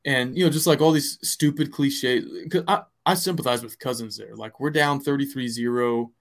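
A man at an average pitch talks sports in a loose, rambling way. He co-hosts a podcast and keeps circling back with fillers and restarts. His tone stays casual and conversational. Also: normal speed, creaky. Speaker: podcast co-host.

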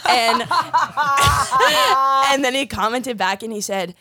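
A woman co-hosting a casual podcast chat, chatty, with quick quips and many fillers. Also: a little high, very noisy. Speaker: co-host comedian.

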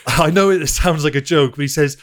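A man in his thirties, a podcast guest telling casual stories in an animated way, swearing freely and laughing as he talks. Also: a little high, fairly quick. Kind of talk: casual anecdotal storytelling.

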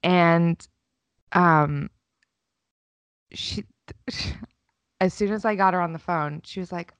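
A woman's voice: fairly low pitch, takes it slowly, pauses often, no room sound. A woman in her thirties co-hosting a podcast, telling a story in casual chat and acting out the lines of the people in it with self-mocking humor. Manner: animated storyteller, acts out quotes, self-mocking. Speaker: podcast co-host.

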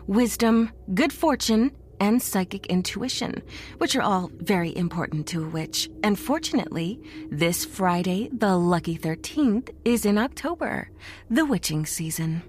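A scheming witch who leads a hooded cult, put on by a male narrator in a high falsetto. She addresses her followers in a solemn, ceremonial tone, and a faint hiss sits under the recording. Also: lively intonation, a little slow.

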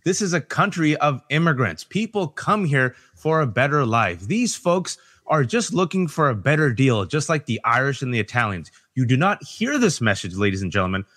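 A man speaking as a guest on a political podcast panel, emphatic and animated, talking in quick bursts and mimicking people as he argues. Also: mid-range voice. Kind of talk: impassioned political podcast discussion.

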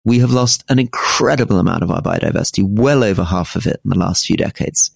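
A middle-aged man with a low, gravelly voice talks through politics in a measured, explanatory way, restarting his sentences now and then. The sound is dry and close. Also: dry recording. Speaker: podcast co-host. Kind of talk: casual political discussion.

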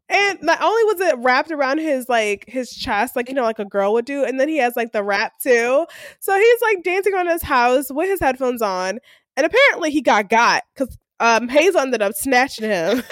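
Woman cohost chatting thru a tv recap, kinda high voice, does the characters' lines. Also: no room sound, clean studio sound. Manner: animated retelling, acts out characters' lines. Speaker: podcast co-host. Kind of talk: casual recap chat.

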